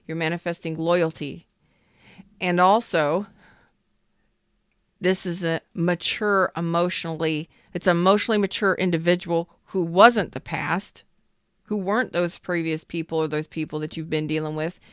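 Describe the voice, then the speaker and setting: A woman's voice: on the low side, steady tone, normal speed, clear, resonant tone, dry recording, clean studio sound. A woman hosting a live tarot reading, casual and emphatic, repeating phrases and chatting with viewers. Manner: talks to viewers in the chat.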